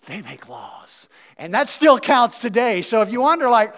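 A man with a high-pitched voice preaching a relaxed, chatty sermon. He talks like he's chatting with friends and drops in fillers and asides. He punches some points loudly and drops others to a near-murmur. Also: moderate pace. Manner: animated, swings between loud emphasis and quiet asides. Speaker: pastor. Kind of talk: casual conversational sermon.

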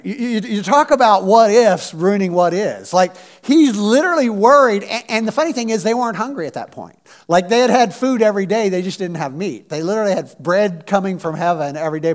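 A man preaching a sermon in a conversational, animated way, acting out quotes from scripture. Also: fairly high pitch. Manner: conversational, animated, acts out biblical quotes in voices. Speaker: pastor.

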